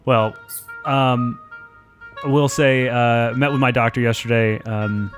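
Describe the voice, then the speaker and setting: A man's voice: mid-range voice, steady tone, slow pace. A man from North Texas co-hosting a casual beer podcast, laid-back and swearing freely, with faint music behind him. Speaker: podcast co-host.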